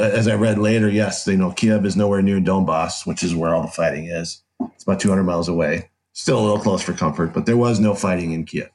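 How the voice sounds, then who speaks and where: A man's voice: fairly low pitch, darkish tone. A middle-aged man telling his story as a podcast guest, rambling and restarting his sentences with short laughs. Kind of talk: casual conversational storytelling.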